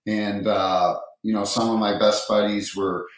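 A lower-voiced man guests on a podcast and talks easygoing and halting, restarting his sentences. His voice rings in a very echoey room. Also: little pitch movement. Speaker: guest, former hockey referee. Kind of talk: casual interview chat.

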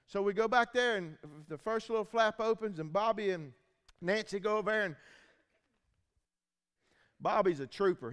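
High-voiced preacher in an echoey hall. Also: male voice. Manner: animated storytelling, acts out dialogue. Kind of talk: sermon testimony. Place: church.

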